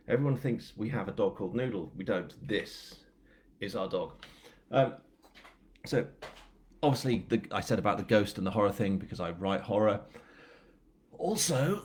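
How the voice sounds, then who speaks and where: Telling a rambling story at his live book launch, this northern English author from England drops in self-deprecating asides in a casual, chatty way. His voice is fairly low in pitch and a little mellow.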